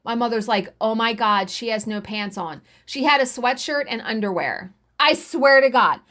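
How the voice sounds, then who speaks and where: A woman in her forties telling a story casually while stitching, animated, swearing freely and acting out what others said. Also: fairly high pitch, normal speed. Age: 40s. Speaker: cross-stitch vlogger.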